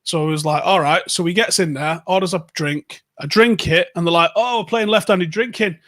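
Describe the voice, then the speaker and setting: Guy on a podcast, swears a lot, acts out quotes, bit high voice, dry close sound. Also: fairly quick, fairly bright tone, no room sound. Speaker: podcast co-host. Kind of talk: casual storytelling chat.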